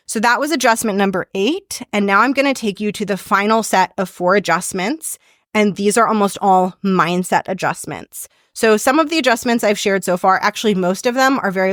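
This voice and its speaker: A woman's voice: mid-range voice, fairly bright tone, no room sound. Dry, casual woman voice coach. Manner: casual, upbeat, teacherly, with frequent "like" fillers. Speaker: podcast host and voice coach. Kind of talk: instructional podcast talk.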